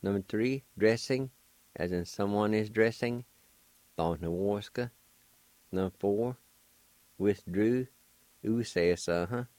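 A man hosting a language lesson, patiently spelling and pronouncing each word slowly and more than once, and encouraging his listeners. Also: lowish voice, a little mellow, no room sound. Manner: slow, deliberate spelling and repeated pronunciation. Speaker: language teacher and host.

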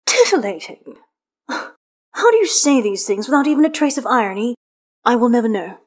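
A woman reading the part of a flamboyant, sharp-tongued vampire man in an audiobook of fan fiction. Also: fairly high pitch, a little fast, voice pushed up, close to an everyday voice. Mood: exasperated. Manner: mocking, theatrical.

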